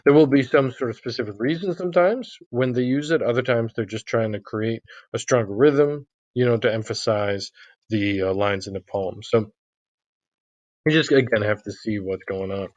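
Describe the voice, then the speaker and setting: A man's voice: medium pitch, normal speed, darkish tone, dry recording, muffled recording. A male literature lecturer giving a recorded online lecture, speaking conversationally with frequent "you know" fillers.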